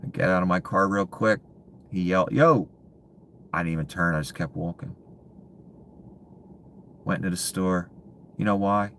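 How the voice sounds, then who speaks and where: Man, extremely deep voice, bitter contemptuous rant, swears, drops to hushed mutters, faint background hiss. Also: steady tone, moderate pace, long pauses. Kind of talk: ranting monologue.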